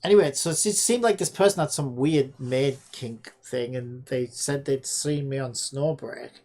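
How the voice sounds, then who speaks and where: A woman's voice: a bass voice, normal speed, mellow. A woman streaming while she codes a game, chatting casually, exasperated and scolding an AI chatbot with sarcastic swearing. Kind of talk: casual livestream chat while coding.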